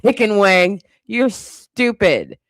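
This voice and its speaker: A woman's voice: medium pitch, big pitch swings, slow, no echo, clean studio sound. A young woman hosting a casual livestream, reading chat guesses aloud, laughing often and teasing with casual swearing.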